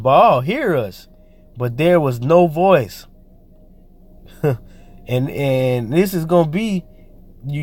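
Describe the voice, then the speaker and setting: A man with a somewhat high voice preaching informally. He reads scripture aloud, then breaks into slangy, rambling commentary full of fillers and restarts. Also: a little mellow.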